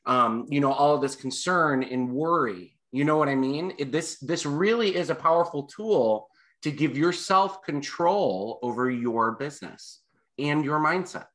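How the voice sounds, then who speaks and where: A man's voice: a little high, animated, measured pace, a bit bright. Man talking mindset with real estate agents. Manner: casual, talks to the group as "you guys". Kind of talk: mastermind class discussion.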